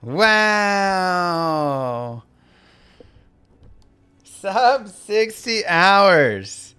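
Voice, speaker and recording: Excitable young streamer guy, unhurried. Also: on the high side, faint music behind. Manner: excitable, chatty, thanks viewers. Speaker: streamer and host. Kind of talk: casual live gameplay commentary.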